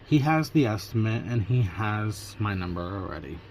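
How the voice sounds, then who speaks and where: A man's voice: fairly low pitch, animated, normal speed, a little mellow, slight background noise. A man vlogging casually from Pennsylvania, retelling his day through quoted back-and-forth conversations. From Pennsylvania, USA. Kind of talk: casual storytelling vlog.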